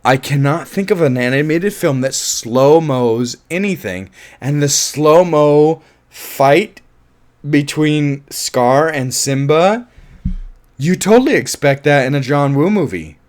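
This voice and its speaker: A man casually reviewing a film, animated and laughing often, with offhand swearing. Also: on the high side, slow pace. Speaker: movie reviewer.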